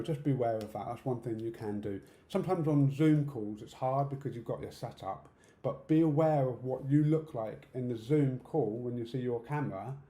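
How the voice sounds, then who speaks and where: Middle-aged British man, warm low-key tone, direct speaker talk recorded in a roomy space. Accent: British English. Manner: direct, practical, checks in with "okay?". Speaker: conference speaker. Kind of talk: online presentation talk. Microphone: video call setup. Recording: roomy echo.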